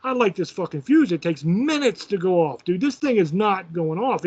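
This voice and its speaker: Man, high voice, swearing a lot, animated storytelling, muffled lo-fi recording. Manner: profane, animated, self-mocking. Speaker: host. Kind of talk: casual storytelling.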